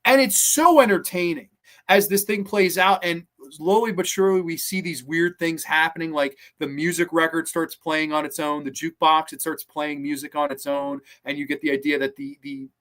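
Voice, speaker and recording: A man's voice: fairly high pitch, fairly even intonation, moderate pace, a bit bright. Enthusiastic, cursing male podcast host. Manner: enthusiastic, profane, rambling. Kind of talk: casual episode review.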